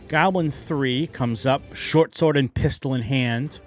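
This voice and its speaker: A man's voice: mid-range voice, slow pace, few pauses, music in the background. A man narrating a tabletop game as game master, playful and dramatic with some self-mocking asides.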